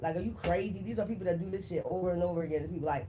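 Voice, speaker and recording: High-voiced, profane tarot reader. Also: male voice, very fast, warm tone, dull audio, slight background noise. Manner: profane, emphatic, laughs between lines. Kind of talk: casual tarot reading to camera.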